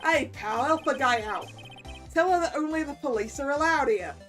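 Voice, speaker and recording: A woman voicing a gruff, blustery, scruffy male police detective in a game. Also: high-pitched, animated, normal speed, fairly bright tone, soft background music.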